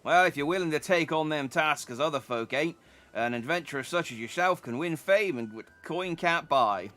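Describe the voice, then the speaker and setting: A man's voice: on the high side, expressive, moderate pace, a bit bright, voice pushed up. A man voicing a chatty, folksy middle-aged merchant in a put-on rustic English accent, reading game dialogue aloud. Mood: friendly. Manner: homely, drawling with dropped letters.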